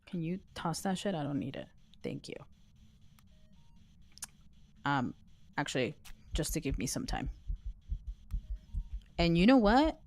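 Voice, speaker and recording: Woman streamer taunting a game ghost. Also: fairly low pitch. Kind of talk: live gameplay commentary.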